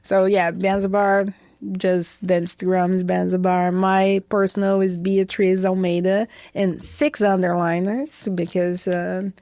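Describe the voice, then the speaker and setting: A young adult woman from Brazil with a Brazilian accent, chatting as a podcast guest and telling lively stories full of "like" and "I feel that". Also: lowish voice, measured pace, no room sound. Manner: lively storytelling, acts out quoted voices, many "like" and "I feel that" fillers. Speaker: podcast guest, head bartender. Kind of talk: casual interview chat.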